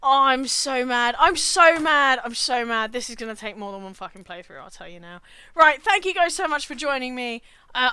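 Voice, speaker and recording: A British woman streaming a video game live, swearing constantly and breaking into loud, exasperated outbursts. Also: on the high side, smooth, no room sound. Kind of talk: live-streamed gameplay commentary.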